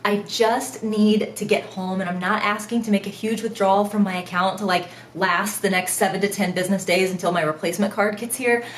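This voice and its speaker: A young woman, a mother and vlogger, telling a travel mishap story in an animated, self-mocking way with frequent laughter. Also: mid-range voice, fairly quick, few pauses, echoey room, a little hiss or hum. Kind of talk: storytime vlog.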